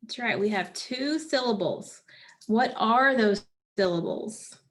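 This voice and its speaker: Woman teacher, slightly high voice, slow and patient, leading a phonics drill. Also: expressive, fairly bright tone. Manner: slow, patient prompting with pauses for answers. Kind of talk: phonics lesson to children.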